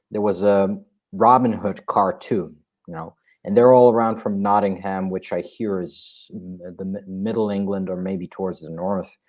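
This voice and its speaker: A man hosting a casual podcast, his first language Slavic. His voice sits on the low side, and he speaks hesitantly, filling pauses and correcting himself as he goes. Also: darkish tone. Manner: hesitant, with many fillers and self-corrections. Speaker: podcast host.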